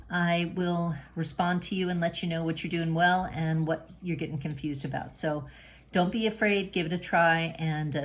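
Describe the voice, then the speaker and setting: A woman teaching a recorded grammar lesson, patient and encouraging, with many fillers and restarts. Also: lowish voice. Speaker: Spanish teacher.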